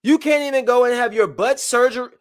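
A man in his thirties giving casual, joking live-stream commentary, swinging between loud bursts and hushed asides. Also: extremely high pitch, a little fast. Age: 30s.

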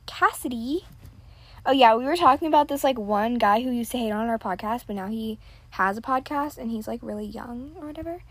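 A teenage girl hosts a podcast, her voice on the high side and a little fast, with no room sound on the built-in device mic. She rambles casually and chattily, filling her talk with "like" and self-deprecating asides.

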